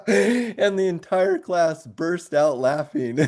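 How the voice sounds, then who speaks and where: A man who coaches high school track, telling a long story in an interview and laughing often as he goes. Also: takes it slowly, long pauses. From grew up moving around as a military kid. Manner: animated storyteller who laughs often through his tale.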